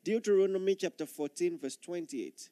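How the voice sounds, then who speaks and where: A male pastor delivers an earnest sermon in a fairly high voice, pressing his points by repeating phrases. The sound is dry and close, with no room echo. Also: normal speed, dark tone.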